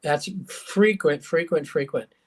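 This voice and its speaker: Chatty man telling animated stories. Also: fairly high pitch, slow. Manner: animated storyteller, acts out quotes, many fillers. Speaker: hypnotherapist guest. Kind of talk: casual storytelling interview.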